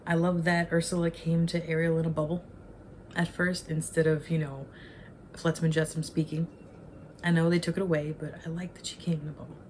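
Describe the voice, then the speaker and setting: A woman in her forties talks through a film review in an unscripted, meandering way, often stopping to rephrase herself. Her voice sits low for a woman. She speaks frankly about her feelings. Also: a little mellow, slight background noise. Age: 40s. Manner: rambling and self-correcting, openly emotional. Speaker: online movie reviewer. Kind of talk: casual spoken film review.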